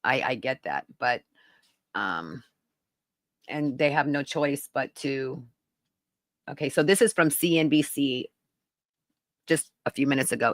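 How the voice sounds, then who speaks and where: A woman's voice: extremely low pitch, no echo. A woman hosting a podcast live stream, talking casually and rambling to viewers in the chat. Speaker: podcast host.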